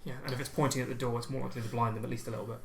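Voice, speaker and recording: A man playing a tabletop game, measured and reasoning aloud about his choices. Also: mid-range voice, flat delivery, vocal fry, a crowd in the background. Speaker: player. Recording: echoey room with voices behind.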